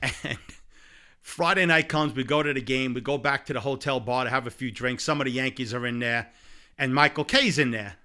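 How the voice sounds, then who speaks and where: A man telling a long, lively personal anecdote in casual conversation, laughing along as he goes. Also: medium pitch, normal speed. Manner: animated anecdote-telling with laughs and repeated "blah, blah". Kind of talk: casual storytelling chat.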